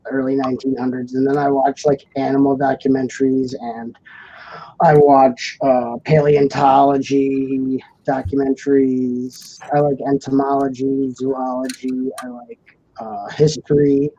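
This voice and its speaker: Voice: medium pitch, expressive, measured pace, gravelly, dark tone, slightly rough. A young adult live-stream host from Indiana chatting casually and reading viewer comments, rambling with many "like" fillers and laughing easily. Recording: muffled stream audio with faint noise.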